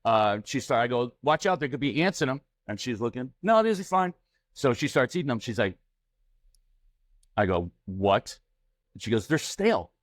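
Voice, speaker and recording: A man's voice: medium pitch, moderate pace, long pauses, no echo. Middle-aged man telling a home story. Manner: anecdotal, acts out family dialogue. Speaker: podcast co-host. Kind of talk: casual chat, storytelling.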